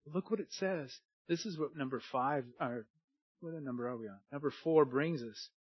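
A man preaching a sermon earnestly, moving between hushed and emphatic delivery, on a dull lo-fi recording. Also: medium pitch, normal speed, slightly rough, dry recording.

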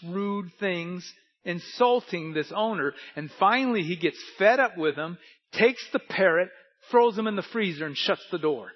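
A man's voice: high-pitched, husky, dull audio. A man preaching a sermon as pastor, telling stories with folksy asides to the congregation.

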